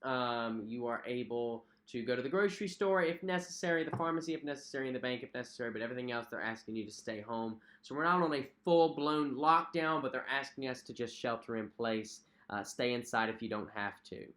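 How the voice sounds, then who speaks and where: A man's voice: medium pitch, brisk, hardly any pauses, a bit bright. A young man hosting a casual livestream, chatting in a friendly way, reading out viewer comments and repeating himself with many fillers. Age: young adult. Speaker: cruise vlog host. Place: at home.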